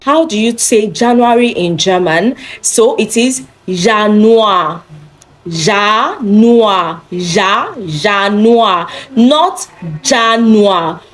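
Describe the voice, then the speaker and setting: Woman teacher for a beginner lesson, speaks slowly and repeats every word. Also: on the high side. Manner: slow, repeats each word several times for practice. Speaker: German teacher.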